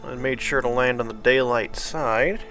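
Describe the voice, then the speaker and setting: Man, bright tone, sleepy, casual gameplay commentary, faint music behind. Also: mid-range voice, moderate pace. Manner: relaxed, thinking aloud, drifting pace. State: sleepy, yawning. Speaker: gameplay video host.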